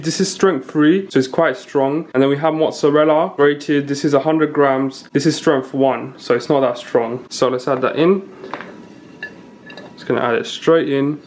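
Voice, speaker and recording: A man's voice: on the high side, darkish tone, slight background noise. A young man from the UK with a slight lisp, casually explaining recipes as he cooks in a home kitchen. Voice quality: slight lisp from teeth whitening strips. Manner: chatty, explains as he goes. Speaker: cooking vlogger. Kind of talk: casual cooking tutorial.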